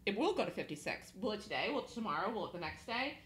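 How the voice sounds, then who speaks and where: Bright-voiced woman coaching traders. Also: medium pitch, very animated, reverberant, a little hiss or hum, poor audio. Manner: fast, emphatic, laughs easily, repeats points. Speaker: trading room host. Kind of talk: live trading room coaching.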